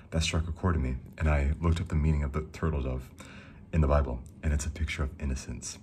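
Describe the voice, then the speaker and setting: A young man giving a casual, rambling devotional talk, reading verses slowly and enthusing between them. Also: extremely low pitch, steady tone, warm tone, slight background noise. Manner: reads scripture slowly. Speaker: Christian speaker.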